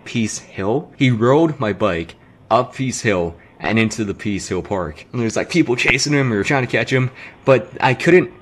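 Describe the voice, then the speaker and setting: A young man, telling a story in casual gaming commentary, animated and swearing freely. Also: medium pitch, moderate pace. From Canada.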